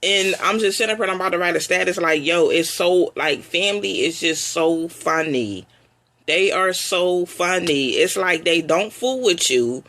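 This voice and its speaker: A woman's voice: on the low side, lively intonation, normal speed, fairly bright tone. Woman ranting on her live stream. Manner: emotional, repetitive, venting frustration. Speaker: online show host. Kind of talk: live-streamed personal rant.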